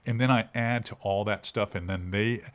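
A middle-aged man, a fishing instructor talking in a casual interview with animated, shifting inflection. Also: fairly low pitch, moderate pace, smooth.

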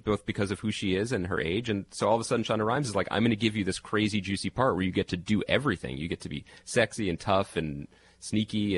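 A man, a TV critic guest on a podcast, chatting animatedly and jumping up in pitch to make a point. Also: husky. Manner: animated, jumps up in pitch when making a point. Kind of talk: casual chat.

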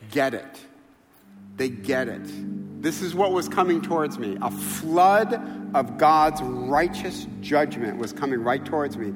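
A man preaching a sermon, telling stories with emphatic, animated delivery and rhetorical questions. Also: on the high side. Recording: reverberant hall.

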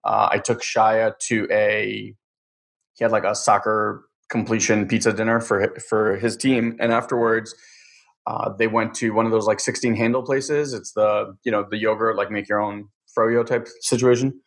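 A man's voice: fairly low pitch, level tone, moderate pace, gravelly. Candid rambling man telling a story. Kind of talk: casual chat.

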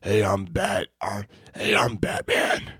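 Breathy masked superhero done by a man, strained whisper-yell, short of air, dry close sound. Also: fairly low pitch, steady tone, slow, dry recording, heavily acted. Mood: gruff. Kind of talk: comic impression on a podcast.

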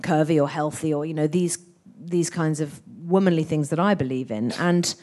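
A woman actress chatting as a guest in an interview, telling stories in an animated, expressive way. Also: sits low, normal speed. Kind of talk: anecdotal interview chat.

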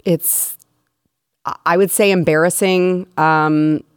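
Sarcastic lady cohost, lowish voice, dry studio. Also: steady tone, takes it slowly, clear, resonant tone, no echo. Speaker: talk show co-host. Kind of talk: political commentary.

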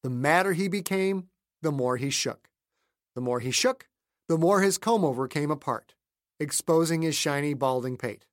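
A man reading his own novel aloud as the narrator, in a measured and steady storytelling delivery. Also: a little high, dry recording, clean studio sound. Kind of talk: scripted audiobook narration.

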